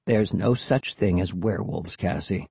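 A man's voice: on the low side, very animated, moderate pace, dark tone, slightly rough, dry recording, full character voice. A man doing a sarcastic skeptical boy. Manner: sarcastic, grumbling. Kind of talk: audiobook character voice.

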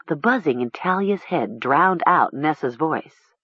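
An audiobook narrator reading a horror story with slow, expressive storytelling. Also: medium pitch, slightly rough, dry recording, lo-fi sound.

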